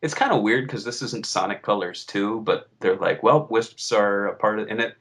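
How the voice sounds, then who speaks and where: A podcast co-host chats casually, rambling and using fillers. His voice is fairly low-pitched and fairly bright in tone, at a moderate pace.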